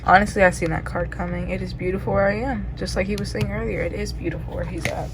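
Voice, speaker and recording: A woman's voice: medium pitch, fairly even intonation, fast, noisy background. A woman giving a casual tarot reading, talking loosely with lots of "like" and frequent laughs. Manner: chatty, loose, heavy use of "like", laughs often. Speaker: tarot reader.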